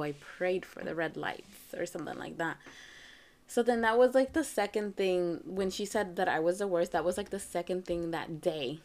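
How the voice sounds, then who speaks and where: A woman's voice: lowish voice, darkish tone. A woman in her thirties hosting a podcast, telling a personal family story in a chatty way, full of fillers, acting out the dialogue of her children. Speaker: podcast host. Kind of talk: casual storytelling monologue.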